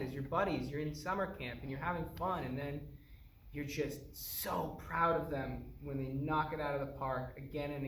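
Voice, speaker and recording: A man's voice: on the high side, fairly bright tone, a little hiss or hum. A man on a panel, animatedly telling stories and laughing often at a Q&A. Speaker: actor on a panel. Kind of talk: animated storytelling at a Q&A. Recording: echoey hall from far off.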